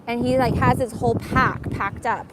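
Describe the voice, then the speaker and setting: A woman's voice: a little high, steady tone, moderate pace. A woman telling a rambling personal story in a casual, filler-heavy way. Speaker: vlogger. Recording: loud wind noise on mic.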